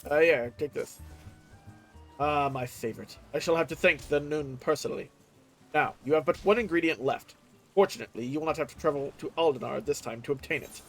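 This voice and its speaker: A man's voice: a little high, brisk, soft background music, natural voice, poor audio. A man reading aloud the lines of a dignified older sea captain in a game, using formal, old-fashioned phrasing. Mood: earnest.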